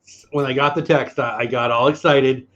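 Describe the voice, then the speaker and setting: A man's voice: mid-range voice, steady tone, moderate pace, fairly bright tone, highs cut off. A man hosting a casual livestream, chatty and joking, poking fun at himself. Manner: chatty, joking, self-deprecating. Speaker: livestream host.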